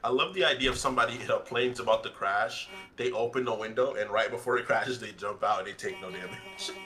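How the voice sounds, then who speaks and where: A man with a fairly low voice, chatting casually while he games. His tone is bright and forceful, and he needles his friends with mock-threatening jokes. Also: quick pace. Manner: teasing, mock-menacing banter. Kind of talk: casual chat while gaming.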